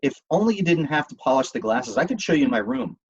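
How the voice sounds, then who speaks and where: A man's voice: fairly high pitch, sing-song, fast, creaky, breathy edge, highs cut off, voice pushed up, heavily acted. Man doing an eager young boy. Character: curious sheltered young boy.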